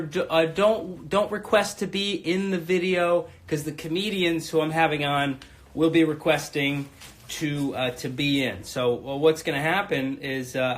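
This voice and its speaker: A man in his thirties, his voice somewhat high and a little bright, hosts a live-streamed stand-up set from his home in Brooklyn. His style is rambling, profane and self-mocking.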